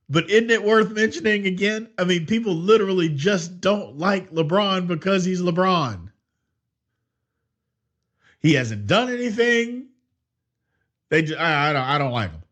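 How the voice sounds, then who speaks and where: A man's voice: high voice, expressive, a little slow, pauses often, fairly bright tone. A man hosting a sports podcast, giving his opinions in a solo talk full of restarts and "I mean". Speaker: podcast host.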